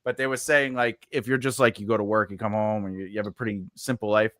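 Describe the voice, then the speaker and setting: A man's voice: fairly low pitch, little pitch movement, fast talker, fairly bright tone, dry recording. A man hosting a live stream, chatting casually, rambling with many fillers and frequent laughter. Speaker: host.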